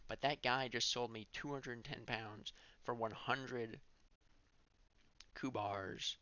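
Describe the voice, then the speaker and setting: A man's voice: medium pitch, steady tone, slow, pushed and bright, dry recording, lo-fi sound. A male streamer giving gameplay commentary, thinking aloud and correcting himself as he goes.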